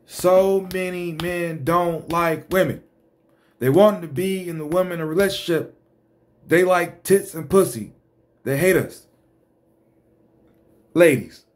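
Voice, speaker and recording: A man hosting an exasperated ranting commentary, blunt and profane. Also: high voice. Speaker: host.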